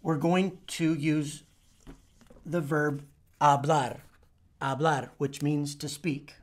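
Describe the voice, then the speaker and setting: Slow, deliberate man teaching a lesson. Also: on the high side, steady tone. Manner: slow, deliberate, spells out letters and repeats forms. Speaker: Spanish teacher. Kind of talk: whiteboard language lesson.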